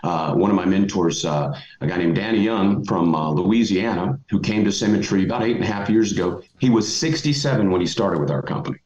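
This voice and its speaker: A man's voice: deep voice, lively intonation, brisk, few pauses, a little mellow. A middle-aged man giving motivational advice as a podcast guest, emphatic and folksy. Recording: roomy, dull lo-fi audio.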